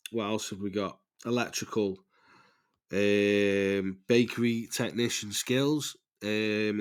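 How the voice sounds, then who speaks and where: A man, hosting a casual, rambling voice-note podcast, loose and chatty, swearing freely and laughing at himself. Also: fairly low pitch. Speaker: podcast host.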